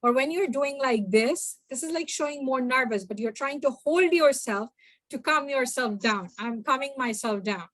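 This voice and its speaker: A young woman giving a workshop talk, addressing the audience directly in an animated way. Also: sits high, a little fast, no room sound. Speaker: workshop speaker. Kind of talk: workshop talk mixing two languages.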